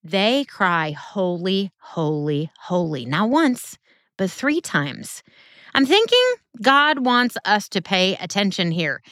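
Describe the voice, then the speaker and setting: A woman's voice: medium pitch, big pitch swings, slow, sharp tone, dry recording, clean studio sound. A woman giving a Bible teaching sermon in an earnest, conversational way with emphatic turns.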